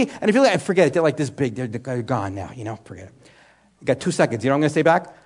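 A man preaching in a relaxed, chatty sermon style, his voice sitting a little high. He often asks the listeners something and then answers it himself, with plenty of "you know" along the way. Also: very fast. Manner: asks rhetorical questions and answers them himself; conversational, with frequent "you know" and restarts. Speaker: Bible teacher. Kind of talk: sermon teaching.

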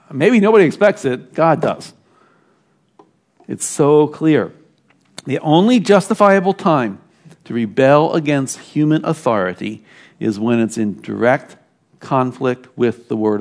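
A man preaching a sermon in a church, emphatic and animated, dropping at times into quiet asides. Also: mid-range voice. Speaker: pastor.

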